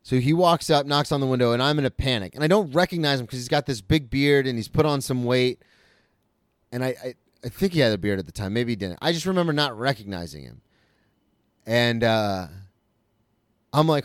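A man's voice: mid-range voice, lively intonation, brisk, clean tone, no echo, clean studio sound. A comedian from Florida hosting his own podcast, telling a loose, profane story and correcting himself as he goes. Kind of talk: casual storytelling monologue.

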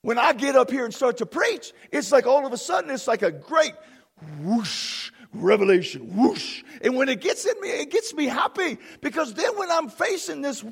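High, gravelly, excitable male preacher. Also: fairly quick, hardly any pauses. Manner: excitable, shouting bursts and exclamations. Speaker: pastor. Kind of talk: fervent sermon. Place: church platform.

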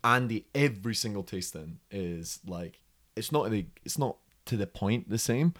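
A man from Scotland with a Scottish accent, chatting on a podcast as a whisky brand ambassador and telling lively stories. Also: on the low side, moderate pace. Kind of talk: casual podcast chat.

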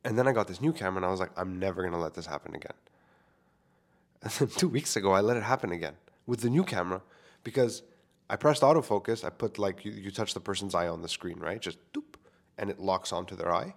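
Man, young adult, slightly low voice, casual monologue, candid, self-deprecating, swears a lot, close microphone. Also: brisk, creaky. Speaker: filmmaker. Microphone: studio microphone.

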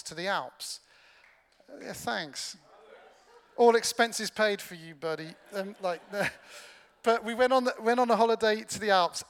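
A man's voice: high voice, a bit bright. A man preaching a sermon as a pastor in church, telling stories with humor and poking fun at himself. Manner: humorous, self-deprecating storytelling. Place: large church hall. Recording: long hall reverb from a church.

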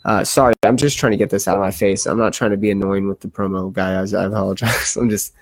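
A man's voice: fairly low pitch, steady tone, fast, no echo. Man, young adult, podcast host, casual, profane, rambling, dry close sound. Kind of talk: casual podcast chat with sponsor read.

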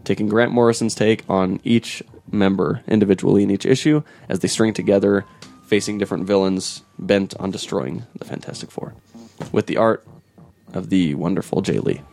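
Relaxed man hosting a comics chat. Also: lowish voice, normal speed, creaky, faint music behind. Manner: laid-back, laughs often, trails off with fillers. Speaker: podcast host. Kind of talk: casual chat about comics.

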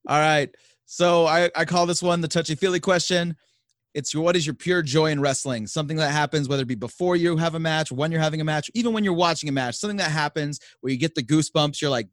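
A man hosting a casual wrestling interview, easygoing and quick to laugh along. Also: fairly high pitch, no room sound, clean studio sound. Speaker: podcast interviewer.

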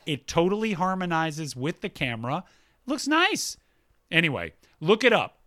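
A man co-hosts a relaxed chat show and reads out listener mail, breaking in with quick comments of his own. His voice sits a little high and sounds bright and forceful. His pitch rises and falls a lot, so he sounds animated. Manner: reads emails aloud with asides, animated. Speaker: podcast co-host reading listener mail. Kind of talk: casual chat.

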